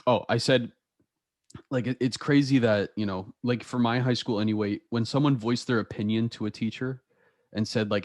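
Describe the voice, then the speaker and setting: A man's voice: medium pitch, fairly even intonation, normal speed, no echo, studio quality. A young man hosting a podcast, chatting casually and telling stories with a lot of laughter. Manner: laughs often, storytelling with quoted voices. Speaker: podcast host. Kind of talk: casual chat.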